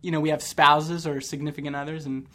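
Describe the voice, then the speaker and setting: A man's voice: fairly high pitch, flat delivery, brisk, fairly bright tone. A Canadian man hosting a podcast, chatting loosely and laughing easily with his guest. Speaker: podcast host. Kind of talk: casual podcast conversation.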